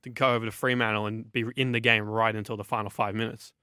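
A man's voice: lowish voice, level tone, fast, sharp tone, clean tone, dry recording, studio quality. A young Australian man hosting a sports podcast, giving eager, opinionated analysis in long runs of speech. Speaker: sports journalist and podcast host.

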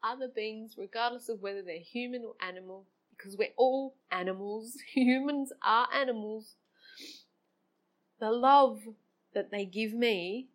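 A woman's voice: fairly high pitch, measured pace. A middle-aged woman, talking in a personal reflective monologue, emotional and open-hearted, with frequent laughs. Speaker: vlogger.

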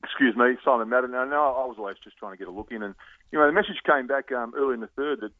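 Fast-talking Australian man on a phone line. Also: mid-range voice, dry recording. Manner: animated storyteller with many restarts and laughs. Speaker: guest, former footballer. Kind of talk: radio interview, storytelling.

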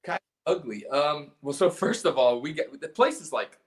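A man's voice: fairly high pitch, animated, moderate pace. A man from South Carolina, a punk band's singer and guitarist, telling a story as a podcast guest in a rambling, profane way with lots of restarts. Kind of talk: casual storytelling chat.

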